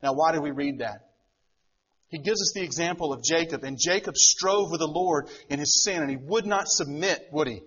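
A middle-aged man preaches a sermon in a husky, rather high voice. He keeps turning to the listeners with rhetorical questions and acts out the voices he quotes. The recording sounds dull and lo-fi. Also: moderate pace, fairly bright tone. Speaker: pastor.

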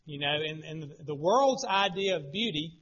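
A man's voice: on the high side, expressive, normal speed, fairly bright tone. A middle-aged man preaching a sermon in an earnest way, often repeating words as he starts a phrase. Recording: dull lo-fi sound.

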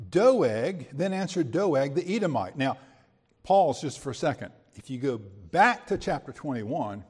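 Male preacher, high and lively voice, conversational Bible teaching, asks the room questions. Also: measured pace, husky, long reverb tail. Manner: conversational, quips and rhetorical questions.

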